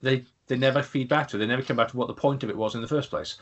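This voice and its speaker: A man's voice: medium pitch, steady tone, very fast, a bit bright, lo-fi sound. A man co-hosting a casual podcast, rambling in exasperation about a bad film's scenes. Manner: exasperated, rambling, restarts often. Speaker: podcast co-host. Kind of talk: casual film review chat.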